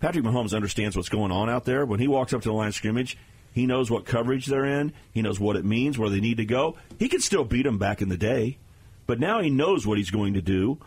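A man's voice: medium pitch, animated, fairly quick, darkish tone, slightly rough. A man talking as a guest analyst on a sports radio show, explaining plays in an emphatic way.

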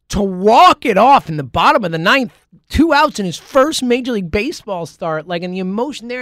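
A man hosting a sports talk show in a casual solo monologue, rambling and excitable, full of fillers and restarts. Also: high voice, no echo, clean studio sound. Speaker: sports podcast host.

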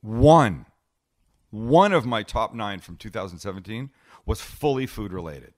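A man's voice: fairly low pitch, unhurried. A middle-aged man, a TV cooking host, telling stories casually in a podcast interview at home and acting out conversations. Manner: animated storyteller, acts out dialogue. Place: home living room.

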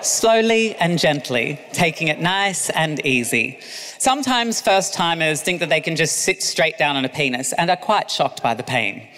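A man's voice: on the high side, a bit bright, long reverb tail. Cheeky man reading aloud. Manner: cheeky, laughing asides. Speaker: author reading own memoir. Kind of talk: audiobook narration with asides.

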